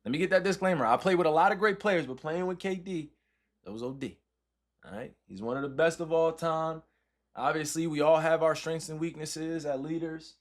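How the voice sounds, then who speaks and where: A man's voice: on the high side, normal speed. Man chatting loosely with his stream viewers. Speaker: livestreamer. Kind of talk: casual livestream chat with viewers.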